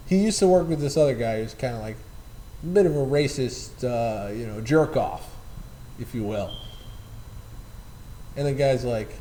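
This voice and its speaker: A man's voice: medium pitch, mellow, a little hiss or hum, poor audio. A man casually telling rambling, profane anecdotes about a former coworker, often repeating and correcting himself. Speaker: storyteller.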